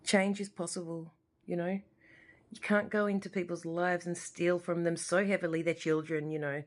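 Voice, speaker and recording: Impassioned Australian woman, somewhat low voice. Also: level tone, moderate pace. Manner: impassioned, rambling, repeats herself. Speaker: vlogger. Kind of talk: emotional personal monologue. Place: living room at home.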